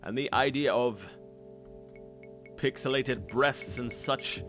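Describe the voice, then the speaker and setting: A man commentates his gameplay in a casual, rambling way. He stops and restarts often, piling up fillers, and his pitch rises and falls a lot. Faint guitar music plays behind him. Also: animated, unhurried. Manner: rambling, self-correcting, many fillers. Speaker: let's play host.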